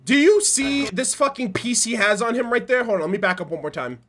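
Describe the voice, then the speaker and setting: A man reacting casually to a video game trailer, excitable, swearing freely and breaking into loud laughs and shouts. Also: very high-pitched, a little fast. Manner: swears freely, says dude and bro.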